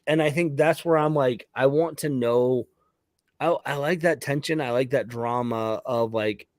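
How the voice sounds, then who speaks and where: A man's voice: mid-range voice, dry recording. A man talking casually and enthusiastically about a comic book, often restarting his sentences. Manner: rambling, enthusiastic, halting restarts.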